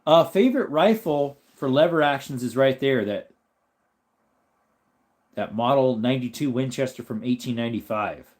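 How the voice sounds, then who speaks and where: A man's voice: mid-range voice, normal speed. An American man hosting a casual live stream, chatting loosely, reading out comments and laughing often. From United States. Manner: relaxed, chatty, reads chat aloud and laughs often.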